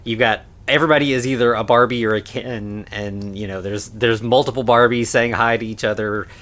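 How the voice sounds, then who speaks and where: A man's voice: mid-range voice, fairly even intonation, a little fast, fairly bright tone. Rambling man chatting about a movie. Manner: rambling, many fillers and restarts. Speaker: podcast co-host. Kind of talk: casual movie discussion.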